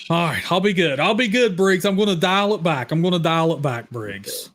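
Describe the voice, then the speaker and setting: A man hosting a live horror chat stream, loud and teasing, with shouted bursts. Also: a little high, animated, normal speed. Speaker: host.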